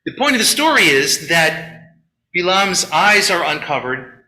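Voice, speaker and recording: Lively high-voiced man giving a sermon. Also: measured pace. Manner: animated storyteller, acts out quotes, chatty asides. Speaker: rabbi leading a Shabbat service. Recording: echoey room.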